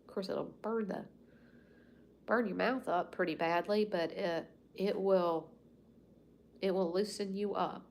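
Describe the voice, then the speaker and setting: A woman's voice: medium pitch, fairly even intonation, a little slow, creaky, pauses often, slight background noise. A Southern US woman in her fifties rambling folksily as she hosts a casual livestream chat from home. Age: 50s. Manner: rambling and folksy, with soft asides. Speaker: livestream host. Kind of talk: casual chat with live viewers.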